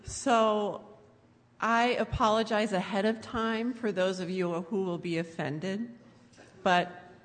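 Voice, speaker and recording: A woman's voice: mid-range voice, steady tone, slow, in a large hall. A middle-aged woman telling family stories with a sarcastic, teasing manner. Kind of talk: humorous storytelling to an audience.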